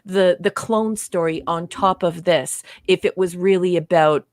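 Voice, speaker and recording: A woman's voice: on the low side, a little slow, dry recording, clean studio sound. Female podcast co-host, emphatic, affirming, reads comments aloud. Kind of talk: casual review chat.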